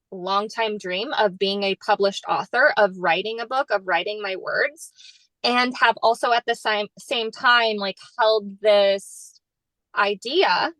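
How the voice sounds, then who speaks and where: A woman co-hosting a podcast, telling a story in casual chat with lots of "like" and lively quoted asides. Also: dry recording, rough recording. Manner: animated storyteller, heavy use of "like", jumps high when quoting others. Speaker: podcast co-host.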